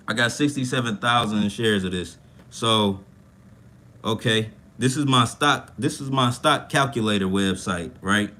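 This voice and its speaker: A man's voice: on the low side, a bit bright. A young man hosting a casual livestream, talking in a profane, rambling way and reacting to chat comments. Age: young adult. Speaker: livestream host. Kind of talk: casual livestream talk about money.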